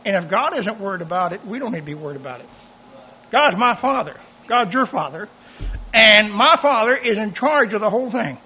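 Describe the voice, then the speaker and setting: Animated folksy preacher man. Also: high voice, creaky, slightly rough, highs cut off. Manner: folksy, animated, joking asides. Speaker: pastor. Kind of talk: sermon.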